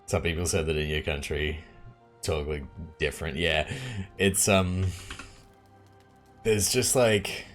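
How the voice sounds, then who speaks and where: Low-voiced Australian man, chatty streamer. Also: takes it slowly, pauses often, faint music behind. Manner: chatty and relaxed, laughs often, many fillers. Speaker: game streamer. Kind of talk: casual live-stream chat while playing.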